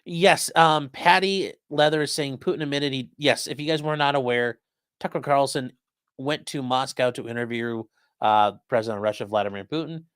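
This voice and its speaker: A man's voice: medium pitch, moderate pace, a bit bright, clean tone, dry recording. Casual male livestream host, dry close sound. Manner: loose and conversational, many fillers, repeats phrases. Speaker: host of a legal commentary livestream. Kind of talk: casual livestream chat reading viewer comments.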